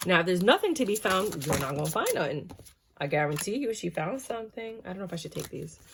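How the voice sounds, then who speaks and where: Woman, tarot reader, casual slangy reading, dramatic, fairly low voice. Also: sing-song, fast talker, noisy background. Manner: dramatic, acts out quotes, slangy.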